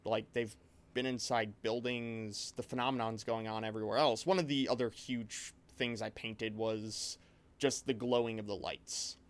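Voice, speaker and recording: A man's voice: lowish voice, normal speed, smooth. A man chatting casually as a game master, telling a spooky session with many restarts. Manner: rambling, animated storytelling with many restarts. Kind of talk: casual chat.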